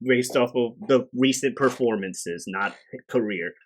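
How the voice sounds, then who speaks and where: A young man co-hosting a casual podcast, playful and hyped, drifting quieter as he talks. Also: mid-range voice, a little slow. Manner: playful, hyped, with mock-grand self-introduction. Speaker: podcast co-host. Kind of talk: casual chat.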